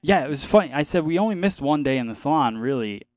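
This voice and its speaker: Give me a man hosting a podcast, a bit high, laughing and rambling, in a dry room. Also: expressive, quick pace, no room sound. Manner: laughs often, trails off. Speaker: podcast host. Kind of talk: casual chat.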